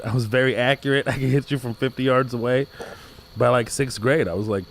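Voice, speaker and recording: A man who grew up in Kuwait tells comic stories as a podcast guest. His voice sits at an ordinary middle pitch. He talks in an animated way, laughing and acting out the people he describes. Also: a little fast. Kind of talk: comic storytelling in casual chat.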